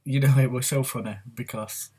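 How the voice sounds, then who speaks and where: A man's voice: mid-range voice, steady tone, a little fast, darkish tone, husky. A man talking openly in a rambling, confessional way on his personal vlog. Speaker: vlogger. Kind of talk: candid personal vlog talk.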